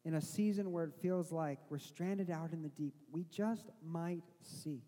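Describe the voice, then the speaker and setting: High-voiced preacher man, hall reverb. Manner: builds from soft and slow to loud, emphatic preaching; acts out a flustered parent in a put-on voice. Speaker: pastor. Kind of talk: sermon.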